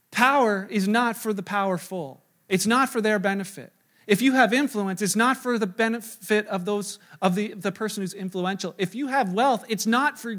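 A middle-aged man preaching a sermon, telling a personal story with animated, self-mocking delivery and acting out his own quoted lines. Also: high voice. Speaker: pastor.

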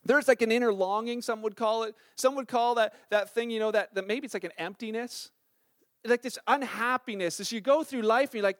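In a dry, studio-quality recording, a middle-aged male pastor speaks briskly in a very high voice. His church sermon is conversational and animated, delivered as chatty storytelling full of fillers.

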